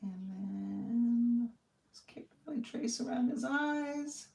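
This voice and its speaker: In an echoey room, a woman hosts a live card-making demo, chatting in a friendly, rambling way and thinking aloud as she works. Her voice is a little high, slow, gravelly, and dark in tone, and it sits back from a distant mic.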